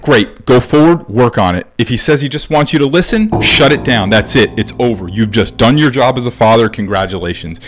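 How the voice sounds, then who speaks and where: A man's voice: medium pitch, expressive, a little fast, few pauses, a bit bright. A man coaching baseball dads, giving blunt, emphatic parenting advice and repeating key points. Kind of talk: direct-to-camera parenting advice.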